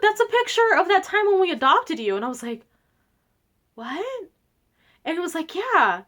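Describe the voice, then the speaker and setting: Young woman vlogger, bubbly, self-mocking storyteller, bright high voice with wide swings. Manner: giggly, rambling, self-deprecating, lots of "like". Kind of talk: casual storytelling vlog.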